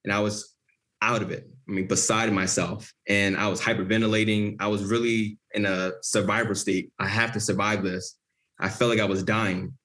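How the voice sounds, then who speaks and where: A man's voice: lowish voice, level tone, moderate pace, fairly bright tone. A man as an interview guest, telling a personal story in an earnest, vivid way.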